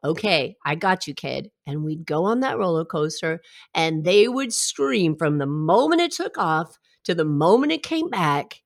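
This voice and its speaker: A woman's voice: fairly low pitch, very animated, a little slow. A middle-aged woman giving a heartfelt, reflective personal talk and telling stories with asides. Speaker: self-help speaker.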